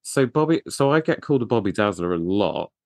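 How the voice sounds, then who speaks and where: A British man hosts a relaxed interview in a very low, deep voice. The sound is dry and close, with no room echo. He talks with enthusiasm and pokes fun at himself. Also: fairly quick. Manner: enthusiastic, self-deprecating. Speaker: podcast host. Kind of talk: casual interview chat.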